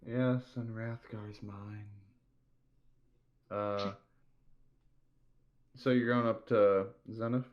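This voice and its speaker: A man acting as game master, narrating a tabletop role-playing game in a relaxed, chatty way with frequent laughter. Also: on the low side, very slow, long pauses, lo-fi sound.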